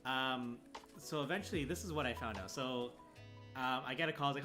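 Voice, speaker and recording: A man in a casual stream chat, telling a long story with lively, put-on quotes. His voice sits at an ordinary middle pitch. Music plays clearly behind him. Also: a little fast. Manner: animated, acts out the other people's lines in his story.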